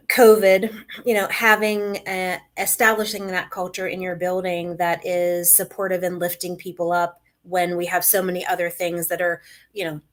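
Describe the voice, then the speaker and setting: Middle-aged woman, ex-principal guest, earnest conversational storyteller. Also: fairly low pitch. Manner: earnest, storytelling, with small laughs. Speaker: podcast guest, former principal. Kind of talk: casual interview answer.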